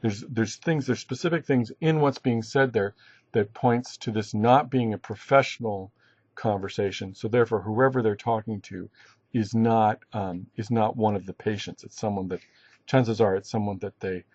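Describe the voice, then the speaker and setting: A man teaching a recorded lesson, halting and restarting often, in a dry, slightly dull recording. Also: fairly low pitch, darkish tone, no room sound. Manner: halting, many restarts and fillers. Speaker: instructor. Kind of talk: recorded online lecture.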